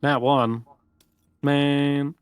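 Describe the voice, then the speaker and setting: A man acting as game master, narrating a live tabletop game and thinking aloud with pauses as he runs the combat. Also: fairly high pitch, level tone, clean tone, dry recording.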